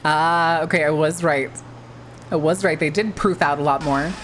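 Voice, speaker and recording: A woman's voice: deep voice, fairly even intonation, normal speed, a little hiss or hum. A woman VTuber streamer in casual, rambling live-stream chat, swearing freely and using plenty of filler words.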